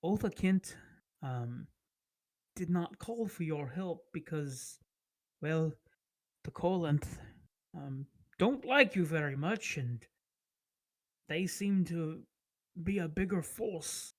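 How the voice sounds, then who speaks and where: A man's voice: fairly high pitch, expressive, heavily acted. A man doing a polite, bookish lizardfolk scholar. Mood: courteous. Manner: slow, careful, courteous speech.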